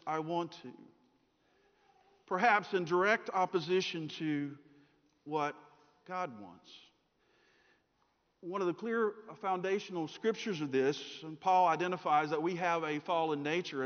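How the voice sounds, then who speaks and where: A middle-aged man preaching a sermon, telling stories and acting out the voices in them. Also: fairly high pitch. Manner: storytelling, acts out voices in anecdotes. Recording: dull sound in a reverberant hall.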